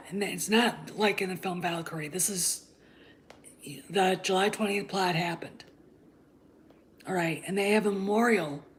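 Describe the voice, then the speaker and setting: A woman's voice: on the low side, a little hiss or hum. A woman hosting her own channel, talking in a blunt, heated, casual rant and swearing freely. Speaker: channel host. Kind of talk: casual ranting commentary.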